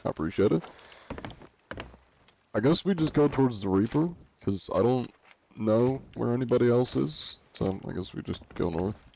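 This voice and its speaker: A man's voice: medium pitch, expressive, moderate pace, gravelly, warm tone, slight background noise. A man streaming a pirate game live, reading viewer comments aloud and answering them in a joking, laid-back way. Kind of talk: casual live-stream chat while gaming.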